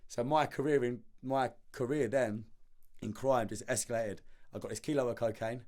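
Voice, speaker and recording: A man, a podcast guest telling his story in casual conversation, animated and slangy, often repeating words as he acts out the dialogue. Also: medium pitch, moderate pace.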